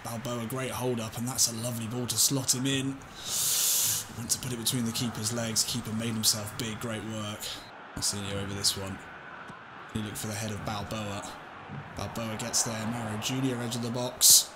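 A man calls the action of his football video game like a TV commentator, often dropping to a low mutter before bursting out loud with laughter. His voice sits at an ordinary middle pitch, and a steady hiss of noise runs under the home mic. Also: moderate pace. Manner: excitable, swings from calm muttering to shouting and laughing. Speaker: gaming YouTuber.

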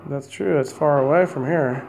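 Soft-coaxing man questioning spirits. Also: fairly high pitch, normal speed, creaky, slight background noise. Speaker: paranormal investigator. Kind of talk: ghost box session, questioning spirits. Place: indoors, hotel room.

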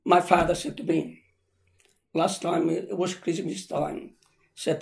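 Older man, from italy, gravelly, high-pitched, halting broken english. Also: fairly even intonation. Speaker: interviewee. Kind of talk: personal recollection.

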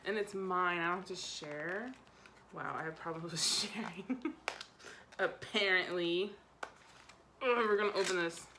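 A young woman chatting excitedly at home as she unboxes makeup, gasping and giggling as she goes. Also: fairly low pitch, a little slow, long pauses, background noise. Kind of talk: excited casual unboxing chat. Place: home room.

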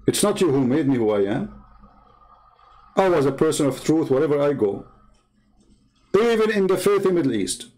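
Combative Arabic-accented man, higher voice. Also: big pitch swings, normal speed, long pauses, darkish tone, poor audio. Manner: combative, mocking, name-calling. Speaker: online commentator. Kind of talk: heated political monologue.

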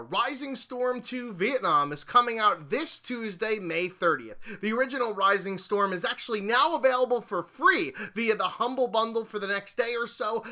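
A young man reads a scripted game review over footage, tossing in crude, jokey asides. His voice sits high and sounds very bright and edgy.

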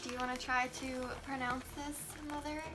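A woman's voice: high-pitched, little pitch movement, normal speed, very noisy. A woman co-hosting a casual candy tasting vlog, talking in a chatty, loose way full of "like" and "um". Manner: chatty, filler-heavy with "like" and "um". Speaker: vlog co-host, daughter. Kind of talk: casual chat.

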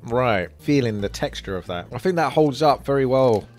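A man's voice: medium pitch, animated, moderate pace, a little mellow, faint music behind. A man with an Essex accent tasting sweets and chatting casually and enthusiastically, with frequent laughs. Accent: Essex English. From Essex, England.

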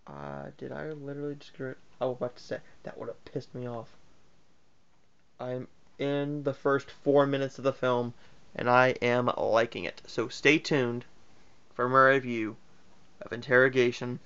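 A man's voice: medium pitch, steady tone, normal speed, fairly bright tone, smooth, lo-fi sound. A man giving a casual spoken movie review in a rambling, offhand way, full of fillers and self-corrections. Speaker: film reviewer.

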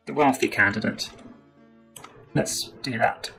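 British guy walking through a board game on stream, bit of gravel in his voice, soft music behind. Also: medium pitch, takes it slowly, poor audio. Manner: explains rules step by step, thinking aloud. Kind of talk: casual board game playthrough.

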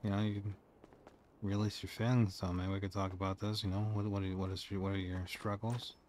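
A young man playing a police officer in an online game role-play, talking calmly and coaxingly with dry jokes. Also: fairly low pitch, a little fast, a little hiss or hum. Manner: calm, coaxing, dryly joking.

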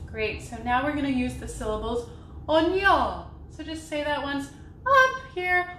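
A young woman voice teacher leading a vocal warm-up, talking gently and slowly between sung demonstrations. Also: high-pitched, a little hiss or hum. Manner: slow, gentle guiding talk with sung demonstrations. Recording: roomy sound with piano behind.

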